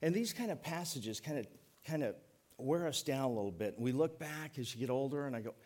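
Middle-aged male pastor, folksy sermon delivery, mid-pitched, slows down to stress key points. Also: animated, darkish tone. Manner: folksy, joking, emphatic preaching with slowed stresses.

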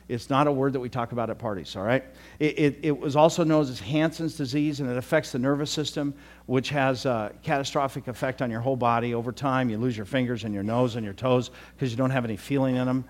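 An older male pastor preaching a conversational sermon with folksy asides and frequent restarts. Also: medium pitch.

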